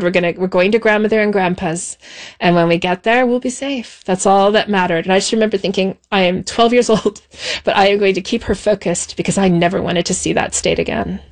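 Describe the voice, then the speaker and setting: A woman being interviewed, telling a childhood memory in a reflective, measured way with soft pauses. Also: mid-range voice. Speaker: interview guest. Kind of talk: personal recollection.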